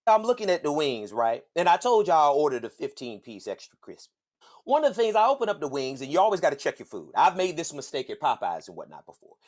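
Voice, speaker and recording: Animated man telling a story. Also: on the high side. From Southern United States. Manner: animated, profane, acts out other voices. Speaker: podcast host. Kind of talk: casual storytelling monologue.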